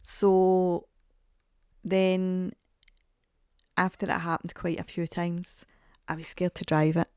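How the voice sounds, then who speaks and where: A woman's voice: lowish voice, flat delivery, takes it slowly, pauses often, warm tone, clean tone, dry recording, studio quality. A woman in her forties hosting a podcast, telling chatty, rambling, self-mocking stories. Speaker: podcast host. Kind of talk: casual podcast monologue.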